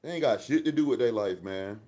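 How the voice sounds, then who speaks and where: A man rants on a live stream, firing back at chat comments. He talks in brash, profane, boastful trash talk. His voice sits at an ordinary middle pitch for a man. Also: expressive, brisk, mellow. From Atlanta, USA. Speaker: livestream host.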